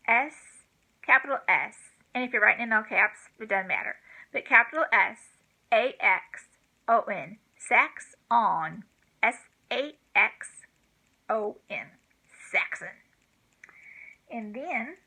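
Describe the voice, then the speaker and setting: A woman's voice: on the high side, vocal fry, pushed and bright, rough recording. An older woman, a grandmother, giving a homeschool vocabulary lesson, spelling words letter by letter in a chatty, self-deprecating way.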